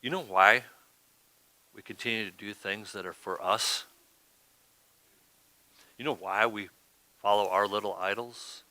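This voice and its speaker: A man's voice: lowish voice, steady tone, unhurried, long pauses, pushed and bright, no echo. A man preaching a sermon as pastor, talking in a conversational way and often asking "right?".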